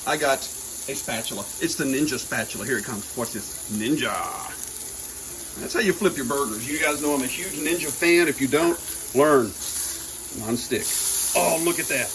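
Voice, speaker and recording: A man's voice: medium pitch, a little fast, noisy background. A man with a Georgia accent hosting a casual cooking demonstration, joking and talking to viewers while he cooks. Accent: Southern US, Georgia. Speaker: home cook and channel host.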